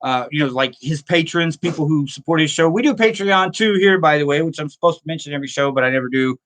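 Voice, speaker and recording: A man's voice: on the high side, animated, quick pace, a bit bright. Rambling, self-amused male show host. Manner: rambling, self-amused, laughs often at own stories. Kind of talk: casual storytelling and reading viewer comments.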